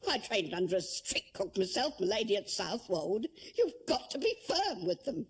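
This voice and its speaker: Husky, tearful cook. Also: female voice, medium pitch, very animated, moderate pace. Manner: defensive, then tearful and heartfelt. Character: proud touchy older female household cook. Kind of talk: period television drama.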